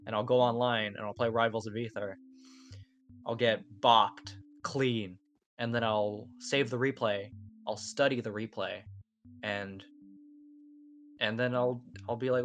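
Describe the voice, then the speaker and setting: A woman's voice: a bass voice, steady tone, measured pace, a bit bright. A young woman co-hosting a casual gaming podcast chat, explaining her views earnestly and analytically, with casual swearing. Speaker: podcast co-host.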